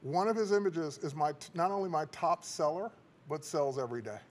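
A man's voice: on the high side, animated, brisk. A man, a stock photographer, chatting loosely as an interview guest and rambling a little when unsure. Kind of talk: casual interview chat. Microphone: handheld mic.

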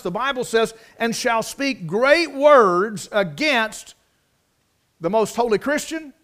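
Preacher, male, high-pitched, homespun storytelling sermon with loud emphatic peaks. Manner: folksy preaching with anecdotes and repetition; rises to emphatic, loud bursts.

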